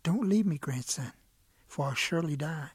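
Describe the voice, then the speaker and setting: A sly, coaxing rattlesnake begs to be carried to warmth, as a male storyteller puts it on. The voice rises above his usual talk, with a husky edge. The room sounds close and dry. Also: fairly high pitch, expressive, normal speed, no echo. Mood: pleading. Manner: pleading, coaxing.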